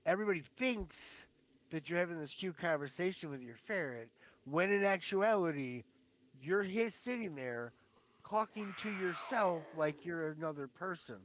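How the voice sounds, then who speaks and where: A man's voice: sits high, animated, moderate pace. A man chatting casually while gaming, rambling and teasing his friend with lots of filler words over voice chat. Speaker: streamer. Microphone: online voice chat.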